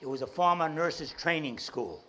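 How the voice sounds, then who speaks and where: A man giving a talk as an entrepreneur, telling a personal story in an animated way. He acts out the dialogue and often restarts his sentences with repeated words. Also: fairly high pitch, normal speed, poor audio.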